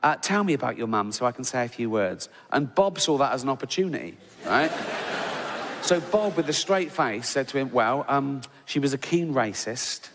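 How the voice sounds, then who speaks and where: A man's voice: mid-range voice, expressive, a little fast. An English man in his sixties telling a brash stand-up story, laughing along and tagging lines with "right?". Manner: brash storytelling, frequent "right?", swearing, laughing at own jokes. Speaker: stand-up comedian. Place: large theatre stage. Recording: live hall with audience noise. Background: audience laughter.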